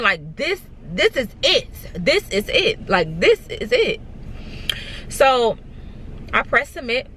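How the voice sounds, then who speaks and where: A young woman vlogging from a parked car, telling her story to the camera in a casual, repetitive, excited way and addressing her viewers directly. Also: fairly high pitch, slight background noise.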